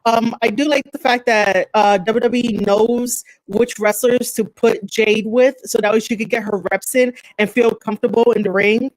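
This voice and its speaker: A woman's voice: on the high side, fairly even intonation, moderate pace, hardly any pauses, no room sound, low-quality recording. A woman guesting on a casual podcast, talking in a friendly, chatty way with lots of fillers.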